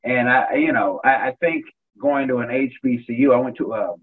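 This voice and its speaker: Husky man on a tinny line. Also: mid-range voice, moderate pace. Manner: advising, encouraging. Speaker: podcast host. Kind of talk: casual interview.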